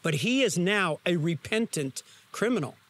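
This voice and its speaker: A man preaches a sermon, telling the story with vivid emphasis. His voice sits high for a man, and he keeps turning to his listeners with questions. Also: lively intonation, moderate pace, a bit bright. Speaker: pastor.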